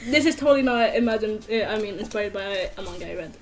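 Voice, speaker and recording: A woman's voice: mid-range voice, lively intonation, fast. A young woman player in a casual role-play game, giggly and rambling. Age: young adult.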